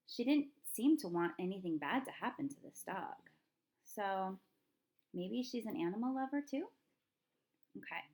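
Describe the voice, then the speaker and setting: A woman teacher leads a reading lesson for young children. She thinks aloud in a chatty, friendly way and keeps asking the class questions. Her voice sits at an average pitch. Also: a little mellow. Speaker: elementary school teacher. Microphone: recorded lesson video.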